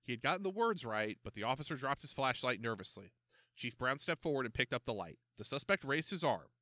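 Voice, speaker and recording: A man reading a children's mystery story aloud in an expressive, animated way. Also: mid-range voice, brisk, no echo. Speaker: narrator.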